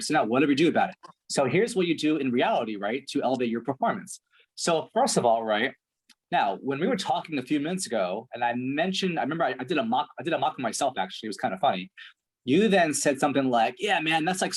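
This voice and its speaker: A performance coach with a medium-pitched, slightly rough voice talks fast and animatedly in a blunt one-on-one session. He's direct and profane with his client, checking in with "right?" over and over.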